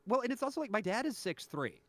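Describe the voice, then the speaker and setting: A man hosting a stream, chatting casually and rambling with many halting restarts. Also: high-pitched, big pitch swings. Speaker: stream host. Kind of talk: casual chat.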